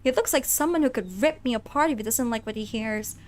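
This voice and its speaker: A woman streaming a game, reading its text aloud in a playful, animated way and chatting with her viewers between the lines. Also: fairly high pitch, brisk. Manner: animated, playful, reads narration with asides to chat.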